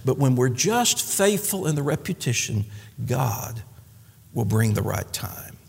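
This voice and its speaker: Male pastor, animated pulpit delivery, very expressive pitch, echoing sanctuary. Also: a little slow, creaky, breathy edge. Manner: folksy, animated preaching with humorous asides. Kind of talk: sermon. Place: church sanctuary.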